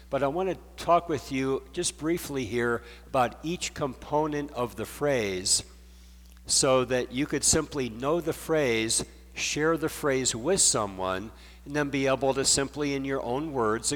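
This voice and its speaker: A man's voice: mid-range voice, measured pace, fairly bright tone, big-room sound. A man preaching a sermon in a conversational, earnest teaching manner. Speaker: pastor.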